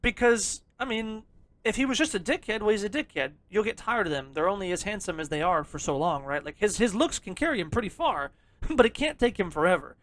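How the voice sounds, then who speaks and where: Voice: medium pitch, animated, fairly quick, a bit bright. A podcast co-host in loose, casual conversation, rambling and swearing freely and laughing often. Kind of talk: casual chat.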